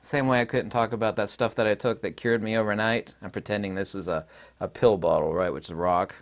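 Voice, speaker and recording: A man's voice: on the low side, steady tone, fairly quick. A middle-aged man giving a rambling, sarcastic commentary monologue to camera. He laughs often. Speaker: channel host, commentator.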